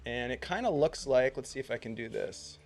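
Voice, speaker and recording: A man's voice: medium pitch, animated, brisk, a little mellow, soft background music. Man running a tabletop game. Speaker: game master.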